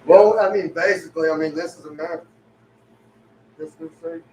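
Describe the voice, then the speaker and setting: A man's voice: on the high side, fairly quick, darkish tone. A man co-hosting a casual talk show, swearing heavily and acting out both sides of his stories. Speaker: podcast co-host. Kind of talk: profane casual chat. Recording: echoey room, far from mic, faint hiss.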